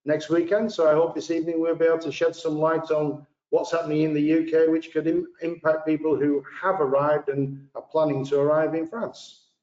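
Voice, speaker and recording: A man who is a regional director of a financial advice firm, introducing it on a webinar in a measured, corporate way. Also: on the high side, level tone, darkish tone, echoey room, dull audio.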